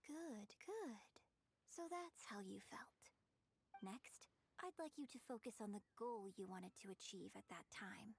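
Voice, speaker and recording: A woman voicing a patient female opera teacher in a video game, speaking in a measured, instructive way. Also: medium pitch, gravelly, breathy edge. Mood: encouraging.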